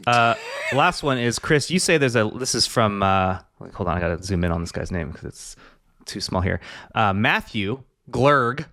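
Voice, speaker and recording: A man's voice: lowish voice, lively intonation, moderate pace, pushed and bright, no room sound, clean studio sound. A man hosting a podcast, reading out listener comments and answering them in a blunt, matter-of-fact way. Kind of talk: casual podcast chat.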